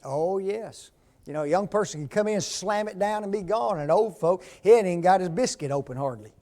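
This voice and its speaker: Man, preacher, high voice, folksy sermon, asks the pews questions. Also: animated, fairly quick, dark tone. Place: church.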